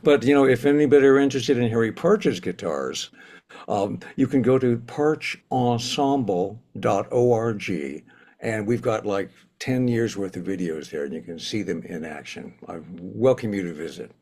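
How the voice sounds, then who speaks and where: A man's voice: fairly low pitch, moderate pace, a little mellow. An older man speaking enthusiastically in a casual ceremony talk, telling stories and laughing often. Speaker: honorary president of the institute.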